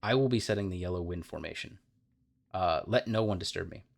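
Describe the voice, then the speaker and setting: A man's voice: low voice, a little fast, gravelly. A man voicing a scheming male demon sage from game lore, read aloud with small slips. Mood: commanding.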